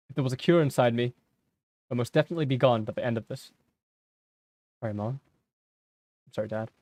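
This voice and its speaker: A man streaming himself as he reads a story game aloud in a slow, somber, measured voice. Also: medium pitch, a little mellow, no echo.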